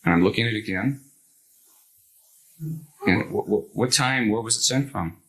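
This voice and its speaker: An older man telling a personal anecdote to a live audience, animated, acting out the others' lines in the story. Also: on the low side, normal speed, low-quality recording.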